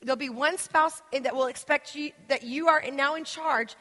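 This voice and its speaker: A woman giving an interactive church teaching, animated and acting out the voices of the people she quotes. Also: high voice, normal speed, long reverb tail. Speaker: guest speaker.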